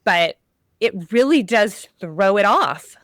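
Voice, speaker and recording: A woman's voice: mid-range voice, animated, slow, a bit bright, no echo, clean studio sound. A woman hosting a podcast conversation, talking casually with plenty of fillers and restarts. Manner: chatty, lots of fillers and restarts. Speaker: podcast host.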